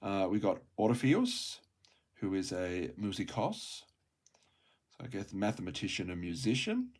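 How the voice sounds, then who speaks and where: Low-voiced man, unhurried, self-correcting reader working through a textbook. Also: sing-song. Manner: slow, halting reading, repeating and correcting words; thinks aloud with soft asides. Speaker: language learner reading a textbook aloud. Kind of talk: casual read-through of a Greek textbook.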